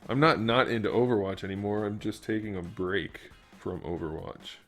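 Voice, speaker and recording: A lowish, fairly bright male voice at a moderate pace carries over faint background music. While streaming work on a toy figure, he murmurs his thought process in casual chat and cracks jokes to viewers.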